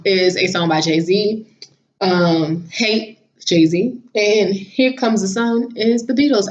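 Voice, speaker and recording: A woman vlogging casually, telling a story in a chatty, animated way and laughing now and then. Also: medium pitch. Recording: slightly dull lo-fi audio.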